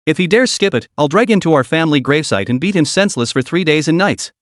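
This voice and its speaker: A man voicing an angry middle-aged father who blusters and threatens, his voice pushed up high. The sound is dry and close. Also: animated, quick pace, no echo, natural voice.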